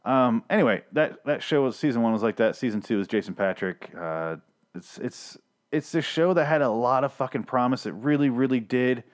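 A man's voice: medium pitch, expressive, moderate pace. A man casually recapping and ranting about a TV show, profane and sarcastic, rambling with frequent restarts. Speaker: TV show reviewer. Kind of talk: casual solo recap rant.

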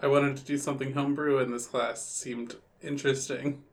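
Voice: medium pitch, level tone, brisk. A tabletop player chatting casually about character backstory. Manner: laughs easily, recalls backstory. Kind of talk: casual podcast chat.

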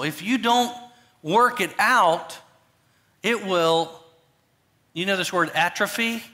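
A man pastor preaching a sermon, animated, swinging between loud emphatic bursts and quiet low asides. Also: slow pace, long pauses.

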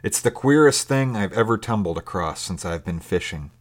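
A man voicing a gruff but kind fisherman who talks bluntly and roughly. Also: fairly low pitch, animated, normal speed, close to an everyday voice.

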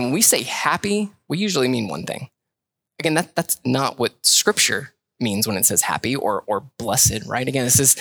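A young pastor delivers a relaxed, conversational sermon, often repeating himself for emphasis. His voice is bright and forward, and the sound is close and dry, with no room around it. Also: mid-range voice, dry recording. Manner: conversational preaching with repeated phrases.

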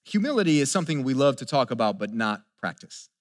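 Preaching fast in a mid-range voice with big pitch swings, this pastor speaks earnestly. He constantly asks his listeners rhetorical questions and trips over repeated words while building each point.

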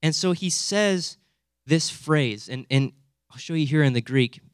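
A young man preaching a sermon in an animated, conversational way, often checking in with his listeners with quick asides. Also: fairly high pitch, clear, resonant tone, no echo, clean studio sound. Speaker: pastor.

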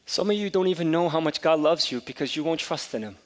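A middle-aged pastor preaching a sermon, telling a personal story and building to emphatic exhortation. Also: male voice, on the high side, animated, fast. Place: church sanctuary. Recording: long reverb of a church hall.

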